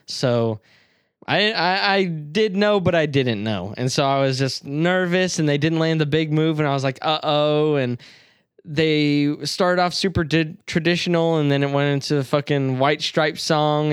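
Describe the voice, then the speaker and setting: A man in a casual movie chat, recapping scenes excitedly, swearing, and calling himself a doubter. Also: fairly high pitch, normal speed, smooth, no echo, clean studio sound.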